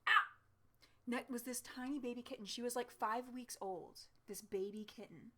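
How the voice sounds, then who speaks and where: Bright-voiced chatty woman vlogger. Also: on the high side, moderate pace. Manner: chatty, animated, laughs often, many fillers. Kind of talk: casual storytelling vlog. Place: home, seated in a chair with her cat.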